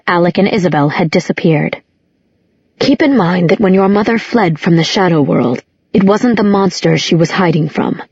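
A woman's voice: on the low side, a little mellow, breathy edge, no echo, muffled recording. A woman narrating an audiobook, reading every character herself with small changes of voice. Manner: reads all characters with small voice shifts. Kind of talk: scripted narration.

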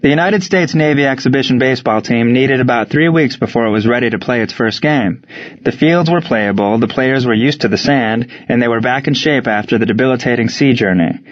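Man narrating a story, measured. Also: medium pitch. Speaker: audiobook narrator. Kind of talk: scripted narration. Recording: slightly dull lo-fi recording.

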